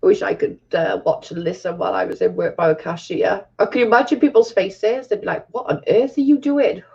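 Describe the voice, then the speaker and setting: A woman's voice: fairly low pitch, steady tone, a little fast, vocal fry, darkish tone, breathy edge. A woman hosting a casual live stream, chatting with viewers and laughing often. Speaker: livestream host. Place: at home, camera off. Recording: dull lo-fi stream audio.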